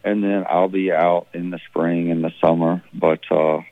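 Male musician on a tinny phone line, low voice, rambling storyteller. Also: normal speed, no echo, soft background music. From Mississippi. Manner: rambling, relaxed, with many restarts. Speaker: musician guest. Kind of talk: phone interview, casual storytelling.

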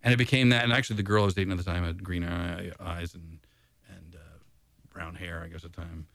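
A man's voice: sits low, steady tone, quick pace, fairly bright tone, no room sound. A man, a blues musician, chatting casually in an interview and rambling in a laid-back way with lots of filler. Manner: rambling and laid-back, heavy on "you know" and "dude".

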